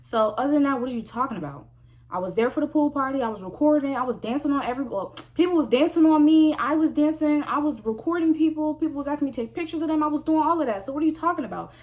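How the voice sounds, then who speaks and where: A woman vlogger telling a story in a casual, animated way, full of slang and emphatic repeats. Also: sits high, racing.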